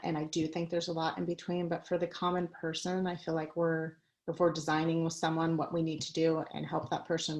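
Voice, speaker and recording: A woman's voice: deep voice, vocal fry, poor audio. A woman giving a conversational talk on a video call, mixing personal stories with practical advice and light laughs. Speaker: guest speaker.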